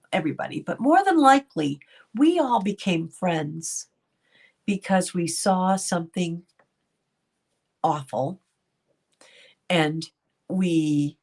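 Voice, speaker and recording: A middle-aged woman talks slowly and casually on a livestream, answering viewers by name. Her voice sits a little low, and she breaks into laughter often. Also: animated, darkish tone. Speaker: commentary channel host. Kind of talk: casual livestream commentary reading chat.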